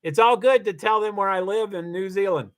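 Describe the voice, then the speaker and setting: Rambling older man chatting on a livestream. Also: brisk. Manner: rambling, wandering off topic, many fillers and restarts; big swings in pitch, rising high when excited. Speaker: livestream host. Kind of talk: casual livestream chat reading viewer comments.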